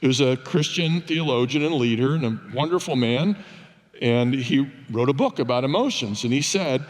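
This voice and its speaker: In a church sanctuary with lengthy reverb, an older preacher speaks in an animated mid-range voice at a moderate pace. His sermon unfolds through conversational stories marked by dry, self-deprecating humor.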